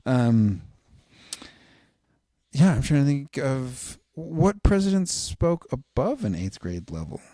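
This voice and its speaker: A man's voice: mid-range voice, very animated, dark tone, no echo, studio quality. A man from Utah co-hosting a podcast, chatting casually and joking often. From Utah, United States. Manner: jokey, quick to laugh. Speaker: podcast co-host. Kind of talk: casual chat.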